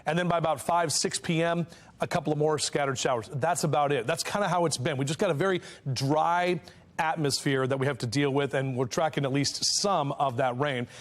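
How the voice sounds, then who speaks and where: A man's voice: fairly high pitch, steady tone, fairly quick. A man giving a live TV weather forecast in a studio, chatty and joking with co-anchors. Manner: chatty, jokey and upbeat. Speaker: TV meteorologist.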